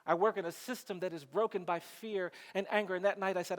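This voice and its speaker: A man with a fairly high voice tells a story to a large audience from a conference stage. He speaks in slow, repeated phrases and builds to a rousing finish. His voice carries a long reverb through a big hall. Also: fairly even intonation. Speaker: keynote speaker. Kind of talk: storytelling speech.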